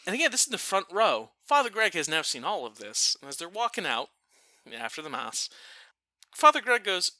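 Bright, animated storyteller man. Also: high voice, fairly quick, no room sound. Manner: animated, self-interrupting. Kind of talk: casual storytelling chat.

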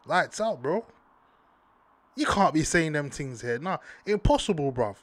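A man's voice: fairly high pitch, expressive, moderate pace, no room sound. Slangy man, dry close sound. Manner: slangy, heated, repeats himself for emphasis. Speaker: vlogger. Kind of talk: casual ranting commentary to camera.

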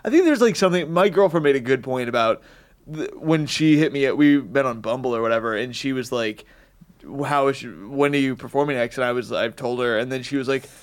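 A man's voice: mid-range voice, fairly quick. Guest comic, man, mid voice, loose, swears, thinks aloud. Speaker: comedian guest. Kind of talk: casual chat.

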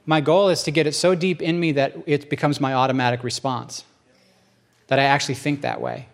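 A man teaching in church in an earnest, conversational sermon style, telling stories with animation. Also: mid-range voice.

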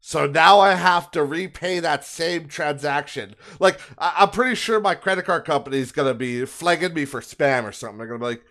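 A man's voice: fairly high pitch, a little fast, few pauses, pushed and bright. Profane ranting man. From Canada. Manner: profane, exasperated, laughs at his own bad luck. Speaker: podcast host. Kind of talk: casual rant.

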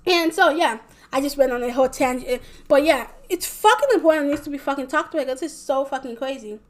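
A woman's voice: sits high, fast. A young woman rambling casually in a vlog, packing her talk with fillers and swearing a lot. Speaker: vlogger.

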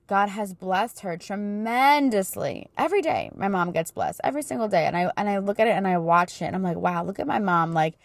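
A woman's voice: mid-range voice, brisk, vocal fry, few pauses, dry recording. A woman in her thirties hosting a casual faith talk, telling stories in an earnest, chatty way with plenty of fillers. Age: 30s. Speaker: podcast host.

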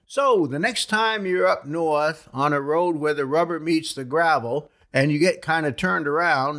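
A man's voice: on the high side, a bit bright. A man from New Hampshire with a New England accent, hosting a podcast in a wry, joking, folksy monologue. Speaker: podcast host.

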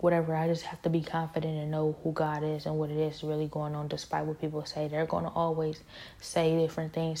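A woman's voice: low-pitched, dark tone. A woman talking in a casual spoken monologue, intense and rambling, with pointed, confrontational questions and many fillers.

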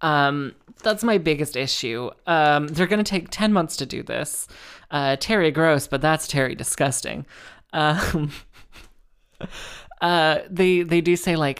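Woman podcast host, low voice, sarcastic and rambling, casual chat. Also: slow pace, smooth. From Wales. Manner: sarcastic, rambling, with frequent restarts and laughs.

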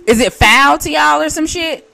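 A woman hosting her own podcast in a rambling, profane monologue, laughing at her own jokes and jumping between loud bursts and quiet asides. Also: normal speed, gravelly, soft background music. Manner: big swings in loudness and pitch, bursts of shouting. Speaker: podcast host. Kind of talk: casual solo podcast monologue.

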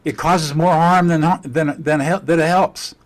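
A man speaking as a guest expert on communication, blunt and forceful, repeating words for emphasis and cursing at times. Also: a little high, steady tone, unhurried. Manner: slightly profane. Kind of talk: emphatic conversation.

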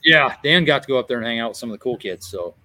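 A man's voice: medium pitch, expressive, quick pace, pushed and bright. A man hosting a podcast, chatting in an easygoing, rambling way with lots of fillers. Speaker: podcast host. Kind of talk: casual chat.

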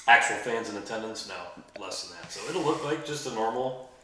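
A man co-hosting a sports talk show, rambling and halting with many fillers. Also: fairly low pitch, lively intonation, bright, forceful tone. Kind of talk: casual sports chat. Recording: echoey room, off-mic, faint noise.

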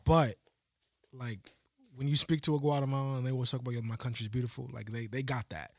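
A young man co-hosting a podcast, talking in a laid-back way with dry deadpan jokes. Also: medium pitch, fairly quick, no room sound. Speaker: podcast co-host. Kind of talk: casual podcast banter.

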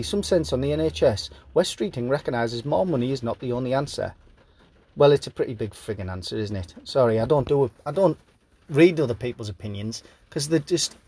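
Man, podcast host, sleep-deprived, rambling jokey news riffs, slightly high voice. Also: darkish tone, dry recording. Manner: rambling, jokey, reads headlines and riffs on them. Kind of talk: casual news commentary.

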